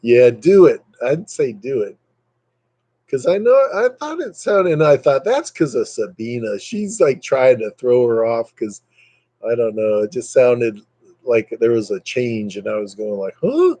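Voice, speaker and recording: A man's voice: expressive, measured pace, warm tone, no room sound, rough recording. A man hosting a casual live stream, rambling and joking with his viewers by name. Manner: rambling, joking, puts on silly high voices for quotes.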